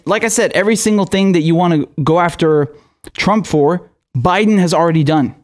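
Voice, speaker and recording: A man's voice: high-pitched, fairly quick. A man giving angry, profane political commentary, exasperated and sarcastic.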